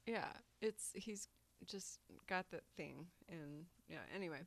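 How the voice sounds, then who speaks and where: A woman's voice: lowish voice, slow pace, a bit bright, no echo. A woman co-hosting a podcast in casual chat, upbeat, bubbly and a little rambling. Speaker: podcast co-host.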